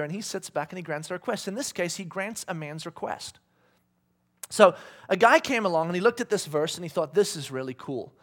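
A man with a high, fairly bright voice gives a relaxed sermon, cracking jokes, laughing often and acting out voices while reading scripture to his congregation.

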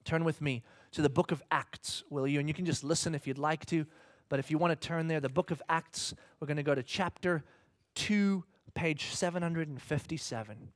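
At a moderate pace and in a slightly high voice, a pastor preaches dynamically, staging little conversations with mock voices and asking the congregation questions. The sound is dry, clean studio audio.

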